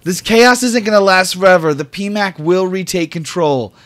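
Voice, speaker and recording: A man voicing a stubborn, gruff male lawman, speaking up loud and raised in a tabletop game. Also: fairly high pitch, expressive, takes it slowly, no echo, voice pushed up, exaggerated voice. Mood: defiant. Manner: loud, raised, forceful delivery.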